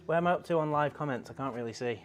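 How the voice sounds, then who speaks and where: A man's voice: a little high, rapid-fire. A man hosting a casual live stream, chatting in a rambling way and reading out viewer comments.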